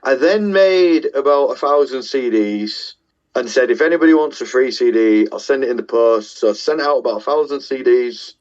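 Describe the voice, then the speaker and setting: A middle-aged man with a Yorkshire English accent, a guest musician, talks at normal speed in a medium-pitched, darkish voice. The sound is lo-fi as he tells casual, self-deprecating stories, swearing occasionally.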